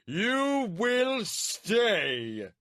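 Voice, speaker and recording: A man voicing a proud, tyrannical male warlord who screams his words slowly and drawn-out. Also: high voice, huge pitch swings, fairly bright tone, dry recording, studio quality, pitched above the performer's own voice, full character voice. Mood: screaming rage.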